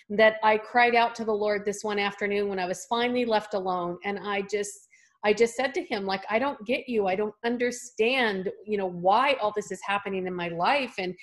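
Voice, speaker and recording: A woman in her fifties, originally from California, telling a personal faith story as a guest in an interview. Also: mid-range voice. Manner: earnest storytelling, acts out voices in quotes. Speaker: guest author and speaker. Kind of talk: personal testimony in a podcast interview.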